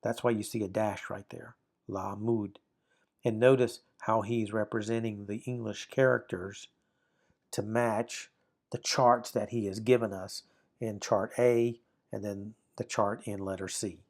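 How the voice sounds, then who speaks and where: A man teaching a recorded grammar lesson, sounding out syllables slowly and often checking "right? okay?". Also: on the low side, level tone. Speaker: Bible Hebrew teacher.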